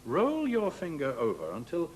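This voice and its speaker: Courteous, lively man coaching a clarinetist. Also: on the high side, moderate pace, a little hiss or hum. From England. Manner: courteous, precise old-fashioned coaching. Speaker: clarinet teacher. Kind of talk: masterclass coaching. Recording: old worn television transfer with music.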